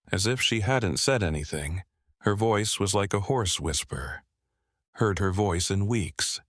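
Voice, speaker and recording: In a low voice, a man narrates a dark, scripted story in a steady, even storytelling style. The studio sound is clean and dry.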